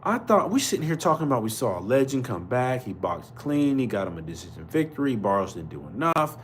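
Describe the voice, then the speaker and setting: A man's voice: medium pitch, big pitch swings, fairly quick, a little hiss or hum. A man hosting a live boxing podcast chat, outraged and slangy, repeating his exclamations. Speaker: podcast host. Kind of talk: live fight commentary chat.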